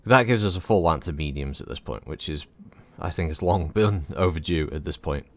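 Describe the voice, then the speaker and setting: Deep-voiced man rambling over gameplay. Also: fairly quick. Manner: rambling, chatty, swears freely. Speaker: streamer. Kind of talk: casual gameplay commentary.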